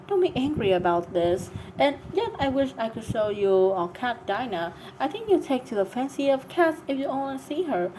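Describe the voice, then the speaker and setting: A woman's voice: high-pitched, big pitch swings, moderate pace, few pauses, mellow, slight background noise, poor audio. A woman voicing a polite, curious young girl who chatters eagerly in a storybook reading. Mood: soothing.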